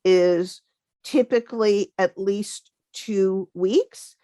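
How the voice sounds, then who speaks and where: Woman, podcast co-host, unhurried delivery, careful explanations, dry close-miked sound. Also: mid-range voice, dark tone, no room sound. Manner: measured, explanatory, deliberate. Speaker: podcast co-host, federal careers advisor. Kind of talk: casual chat.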